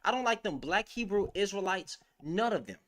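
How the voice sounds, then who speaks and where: Woman, sassy online commentator who swings her pitch a lot and mocks as she rants. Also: normal speed. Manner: sassy, mocking, laughing, animated. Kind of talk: casual ranting commentary.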